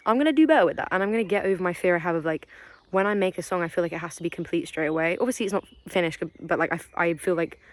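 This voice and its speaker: A woman's voice: on the low side, slight background noise. Chatty young woman vlogging outdoors. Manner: chatty, rambling, swears casually. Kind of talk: casual vlog chat. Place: woodland outdoors, sitting on a log.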